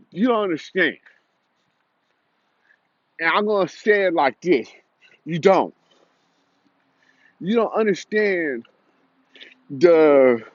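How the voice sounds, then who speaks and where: A man's voice: on the high side, dry recording. Heated young man ranting, lo-fi. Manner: heated, repetitive, confrontational. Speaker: commentator. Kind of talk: angry commentary rant.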